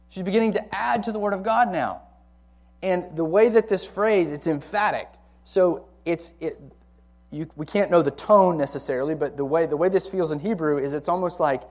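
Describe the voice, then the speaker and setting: A man's voice: fairly high pitch, animated, moderate pace, a little mellow. Conversational man teaching the Bible. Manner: conversational, repeats key words for emphasis. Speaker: college ministry Bible teacher.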